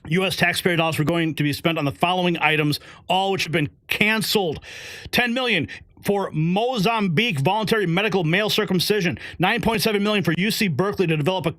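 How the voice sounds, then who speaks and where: A male host giving animated political commentary, excitable and prone to exclaiming and laughing. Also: sits high, fast, no echo, clean studio sound.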